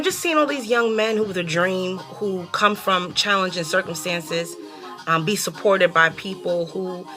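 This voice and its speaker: Hosting a laid-back talk show of her own, this young New York woman is lively and sassy, her speech full of curse words and frequent laughter. Her voice is on the low side.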